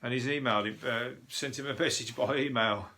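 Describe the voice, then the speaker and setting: A man's voice: medium pitch, brisk, sharp tone. A man with a Birmingham accent, a comedian hosting a podcast, rambling and swearing through a casual news review with jokes. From English Midlands.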